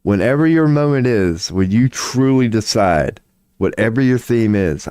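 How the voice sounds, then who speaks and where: Low-voiced profane man in his forties. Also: lively intonation, unhurried, darkish tone, smooth, no room sound, clean studio sound. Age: 40s. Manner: rambling, profane, laughs often. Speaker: streamer. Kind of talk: casual livestream chat.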